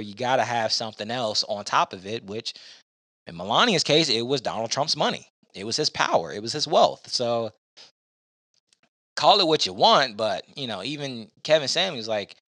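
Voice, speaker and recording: A man's voice: lowish voice, fairly bright tone, dry recording, clean studio sound. A man hosting a casual podcast, giving blunt opinions in a rambling way with lots of fillers. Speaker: podcast host.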